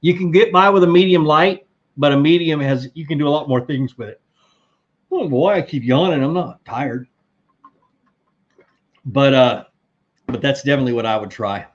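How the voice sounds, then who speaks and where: A man's voice: fairly high pitch, normal speed, long pauses, highs cut off. A middle-aged man hosting a live fishing stream, chatting casually and answering viewer questions with many fillers and restarts. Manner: rambling, relaxed, lots of fillers and restarts. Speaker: fishing livestream host.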